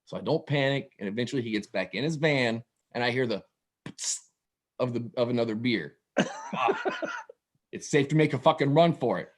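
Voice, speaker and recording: A man telling a wild story for laughs, profane and animated, with laughing asides. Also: medium pitch, moderate pace. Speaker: guest storyteller. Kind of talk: comedic storytelling.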